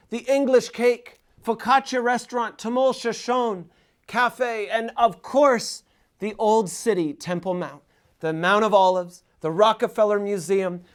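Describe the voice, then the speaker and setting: A man hosting a scripted travel talk, listing places in a lively, humorous way. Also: high voice. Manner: lively, humorous list-making. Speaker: host.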